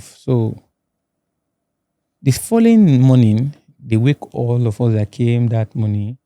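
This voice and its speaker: A Nigerian-accented man telling his own story in a halting, restarting way. His voice is very mellow and dark, at a middle pitch. The recording is dry and close, as in a podcast studio. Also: no echo. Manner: halting, restarts and repeats words. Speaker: guest. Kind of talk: personal testimony in a podcast interview.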